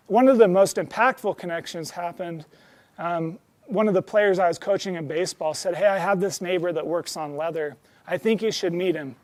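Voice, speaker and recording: A man's voice: high-pitched, a little mellow. A young man telling personal stories as a guest speaker, earnest and heartfelt, with many ums and restarts. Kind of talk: storytelling talk to an audience.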